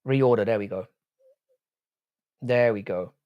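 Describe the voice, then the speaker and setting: A man's voice: lowish voice, slow, clean tone, dry recording, dull audio. Swearing man streaming live. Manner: swears freely, banters with chat. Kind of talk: casual live-stream chat.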